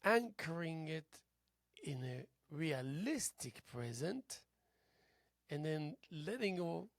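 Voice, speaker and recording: Slow, gravelly, halting male host. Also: on the high side, very animated, dry recording. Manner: slow, halting, repeats words, drifts into soft whispers. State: tired, yawning. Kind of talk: rambling philosophical monologue. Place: local cable TV studio.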